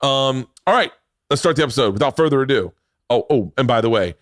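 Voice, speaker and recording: A man's voice: medium pitch, animated, fast talker, no echo, studio quality. A middle-aged man hosting a casual podcast chat, rambling and swearing freely, talking over others. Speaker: podcast host.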